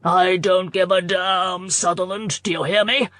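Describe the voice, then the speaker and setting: A woman's voice: fairly low pitch, steady tone, measured pace, fairly bright tone, no room sound. A woman reader voicing a furious older earl who roars and blusters. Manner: angry, blustering delivery.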